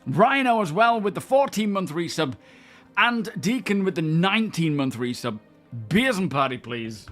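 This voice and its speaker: A man's voice: high voice, big pitch swings, normal speed, a bit bright, faint music behind. A young man streaming a game, chatting casually and greeting his viewers by name. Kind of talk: casual live-stream chat.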